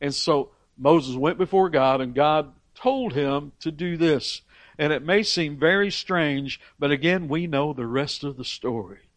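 A man's voice: fairly high pitch, unhurried, no room sound. A man preaching a sermon with emphatic rises on key phrases and frequent repeated words as he restarts. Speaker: pastor.

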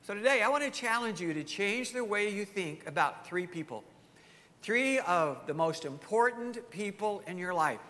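A man's voice: high voice, expressive, normal speed, bright, forceful tone, big-room sound. A male pastor preaching a sermon emphatically, firing off rhetorical questions to his congregation.

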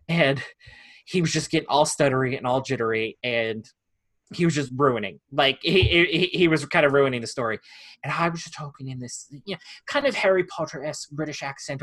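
Young man, podcast co-host, bright tone, animated storyteller who laughs a lot. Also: mid-range voice. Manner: animated, laughs often, restarts phrases. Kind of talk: casual storytelling chat.

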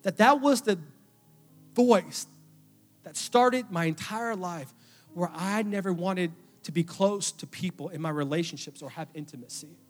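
A young adult man preaching a sermon, telling a personal story with emotion, his voice dropping to a hush and then rising loud. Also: high-pitched, a little slow. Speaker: pastor. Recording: long hall reverb with faint music. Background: faint music.

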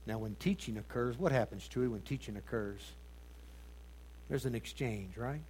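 A man preaching a sermon, asking his congregation rhetorical questions and swinging between loud emphasis and hushed tones. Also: mid-range voice, moderate pace, slightly rough.

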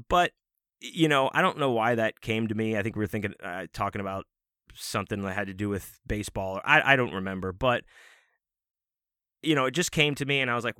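Male host, casual profane storyteller, forceful tone, dry close sound. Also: mid-range voice, no echo. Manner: rambling, profane, self-mocking. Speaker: podcast host.

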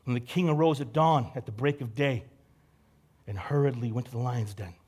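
A man's voice: mid-range voice, normal speed, a little mellow, breathy edge. A young man preaching a casual, conversational sermon, acting out the characters he quotes. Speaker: pastor.

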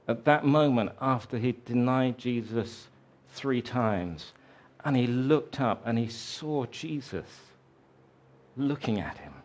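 Male preacher, slow deliberate delivery, reflective sermon storytelling. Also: medium pitch, lively intonation, darkish tone. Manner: slow, reflective storytelling with dramatic quoted voices.

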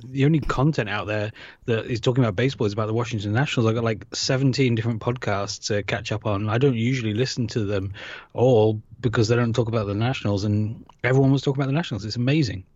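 A British podcast co-host chats casually, laughing often and poking fun at himself. His voice is lowish and a little mellow, and he talks fast; the lo-fi recording has no room sound.

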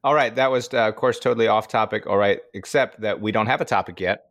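Low-voiced middle-aged man, chatty podcast host. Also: a bit bright, no echo, studio quality. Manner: unhurried storytelling, chuckles often. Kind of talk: casual chat.

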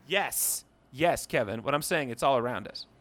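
With a mid-range voice at normal speed, this podcast co-host, a native English speaker, tells history stories in animated, joking fashion with some profanity as part of a casual comedic chat.

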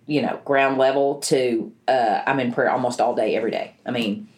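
A woman's voice: extremely low pitch, steady tone, moderate pace, a little mellow. Earnest woman telling her story. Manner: earnest, emotional, rambling with restarts. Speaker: guest, bereaved mother. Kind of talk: personal story in an interview.

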